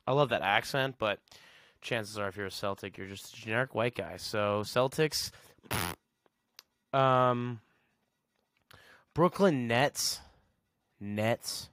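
A man's voice: medium pitch, takes it slowly, long pauses, fairly bright tone, smooth, no echo, clean studio sound. A man hosting a podcast, rambling sarcastically in a casual solo rant and chuckling at his own jokes. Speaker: podcast host.

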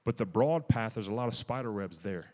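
A man with a fairly low voice delivers a sermon in a church. He talks with zealous emphasis, restarts his sentences and breaks into sudden louder bursts. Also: animated, brisk, long reverb tail. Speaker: preacher. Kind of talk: sermon testimony.

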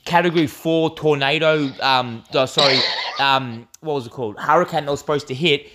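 A man's voice: a little high, brisk, bright, forceful tone, a little hiss or hum. A young Australian man co-hosting a podcast in casual chat, rambling through a story with lots of fillers and swearing. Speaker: podcast co-host.

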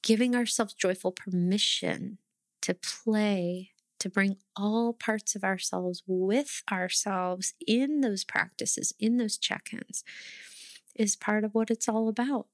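A woman's voice: mid-range voice, steady tone, slow pace, dry recording. Woman chatting about tarot and intuition, earnest and punchy, swears a bit, dry close sound. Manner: earnest, emphatic, swears casually, acts out inner voices. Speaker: tarot teacher. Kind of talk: casual spiritual teaching talk.

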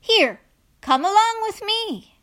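A woman voicing a calm, gentle male teacher in a children's storybook, speaking softly and reassuringly. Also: high voice, slow, exaggerated voice. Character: gentle calm adult man, spiritual teacher.

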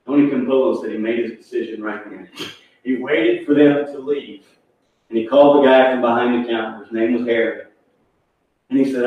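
A man preaching a sermon, an animated, impassioned storyteller. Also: medium pitch, fairly quick, muffled recording. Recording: echoey hall, mic far off.

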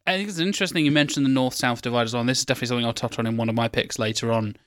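A man's voice: mid-range voice, racing, a bit bright, no echo, studio quality. Blunt, joking man from Norfolk. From Norfolk, England. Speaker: podcast co-host. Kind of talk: casual film chat.

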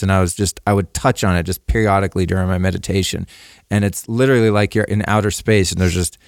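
A man's voice: medium pitch, no room sound, clean studio sound. A man speaking as a podcast guest, telling personal stories in a candid, laid-back way and swearing freely. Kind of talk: casual conversational storytelling.

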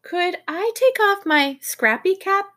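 Woman putting on a high eager little girl. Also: lively intonation, slow pace, pushed and bright, full character voice. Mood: pleading. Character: excitable young girl Lindy.

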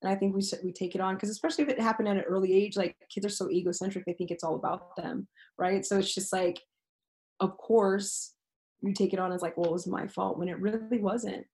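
A woman's voice: mid-range voice, fairly even intonation, quick pace, a little mellow, rough recording. Frank, earnest woman talking casually. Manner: earnest and frank, swears freely, laughs easily. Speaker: teacher, podcast guest. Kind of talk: casual, candid interview talk.

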